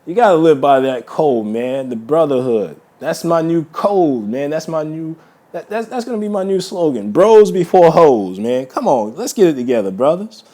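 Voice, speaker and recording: Warm in tone and a little high, the vlogger's voice is animated and moves at a normal speed. He rants heatedly at his viewers, going over the same points, calling them brothers, and adding "man" to nearly every sentence.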